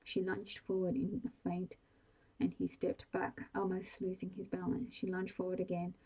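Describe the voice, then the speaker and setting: A woman whispering a bedtime story in a soft, hushed and even way, in a whispered role-play style. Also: on the low side, moderate pace, husky, low-quality recording. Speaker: audiobook reader.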